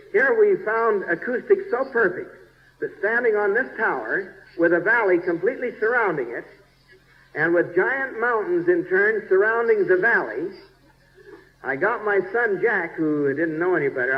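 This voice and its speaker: A man, a church bishop, narrating a slide show in a folksy, chatty way, checking in with his listeners and groping for place names. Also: sits high. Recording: dull 1970s recording with long reverb.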